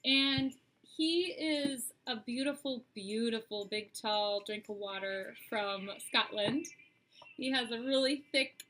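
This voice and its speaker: A woman with a bright, tense edge to her tone, sitting a little above the usual pitch, hosts a live-streamed oracle card reading. She chats directly to her viewers, loosely and with plenty of "um"s, as she explains each card. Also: slow, poor audio. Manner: chatty, speaks straight to viewers, frequent "um"s.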